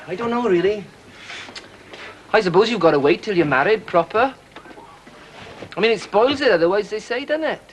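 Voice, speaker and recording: An actor playing a young Welsh private soldier, wistful and quick to take offence. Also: male voice, sits high, animated, a little hiss or hum. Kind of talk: 1980s television drama acting.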